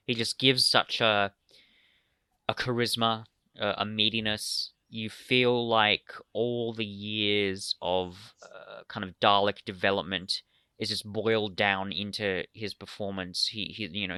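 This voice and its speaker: A low-pitched man co-hosting a review podcast, his voice bright and forward in a dry, close recording. He gushes with praise, pausing on fillers as he searches for words. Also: clear, resonant tone, dry recording. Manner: effusive praise with hesitant fillers. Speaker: podcast co-host. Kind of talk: casual chat reviewing episodes.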